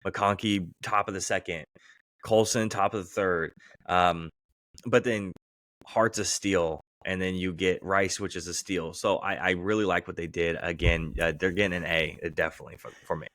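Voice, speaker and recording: A man with a deep voice talks through his sports opinions in easy, relaxed podcast chat. The sound is close and dry, with no room around it. He rambles a little and keeps a loose, conversational flow. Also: moderate pace, dry recording. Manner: relaxed, acts out quoted voices with laughter. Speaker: podcast co-host.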